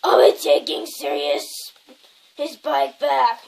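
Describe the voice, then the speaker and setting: A woman reading aloud, voicing a huge, shaggy, tearful male half-giant with loud, sobbing lines. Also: high voice, fairly even intonation, slow pace, creaky, distant mic, heavily acted.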